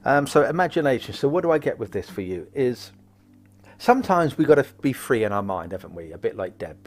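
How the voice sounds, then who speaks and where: A man doing casual card readings for viewers, chatty and prone to wandering off into jokes. His voice sits at an ordinary middle pitch, and he talks in a loose, friendly ramble. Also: very animated, fairly quick. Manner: rambling, jokey, goes off on tangents. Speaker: psychic card reader, host.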